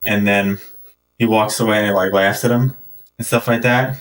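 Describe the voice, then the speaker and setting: Male game streamer, lower voice, distant mic, meandering storyteller. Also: steady tone, moderate pace. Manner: rambling anecdotes, many fillers and restarts. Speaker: gaming streamer. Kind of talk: casual storytelling while playing.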